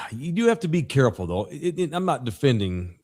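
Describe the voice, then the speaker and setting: A man's voice: mid-range voice, brisk. A man co-hosting a sports podcast, chatting casually and telling jokey stories. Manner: jokey, animated storyteller. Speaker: podcast co-host. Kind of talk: casual chat.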